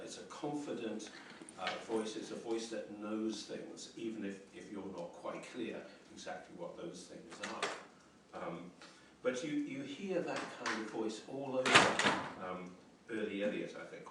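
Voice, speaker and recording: A man's voice: fairly low pitch, unhurried, heavy background noise. Hesitant male lecturer in an echoey hall. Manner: hesitant, many ums and restarts, reflective. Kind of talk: university lecture on poetry. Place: lecture room. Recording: roomy echoey lecture hall, mic at a distance.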